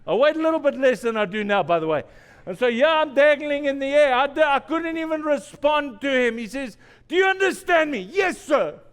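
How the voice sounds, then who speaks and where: A man's voice: very high voice, expressive, a little fast, in a large hall. A male pastor preaching a sermon in a church, telling stories with self-deprecating humor and repeating phrases for emphasis. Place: church sanctuary.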